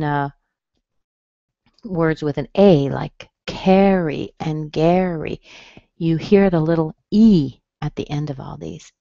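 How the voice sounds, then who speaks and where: Slow, patient American woman teaching. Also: low-pitched, dark tone, dry recording, dull audio. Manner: slow, clear and patient, modeling sounds. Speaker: pronunciation teacher. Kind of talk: webinar lesson.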